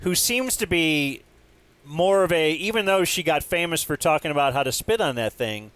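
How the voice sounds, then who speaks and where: A man's voice: fairly high pitch, lively intonation, normal speed, a bit bright, smooth, no room sound. A man hosting a casual comedy podcast, making sarcastic jabs and asking teasing questions. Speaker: podcast host.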